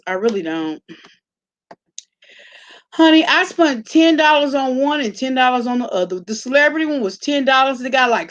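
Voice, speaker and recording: Woman, sassy live-stream host, blunt, slightly high voice. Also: fairly bright tone. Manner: sassy, blunt, talks straight to chat. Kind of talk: casual live-stream commentary.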